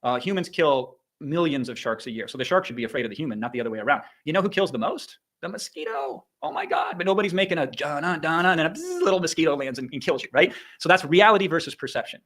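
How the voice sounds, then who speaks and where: Middle-aged man from Iowa, online business coach on a livestream; rapid, emphatic, slightly high-pitched delivery. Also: expressive, fairly bright tone. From Iowa, USA. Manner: emphatic, punchy, drops profanity and sound effects. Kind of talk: energetic motivational livestream talk.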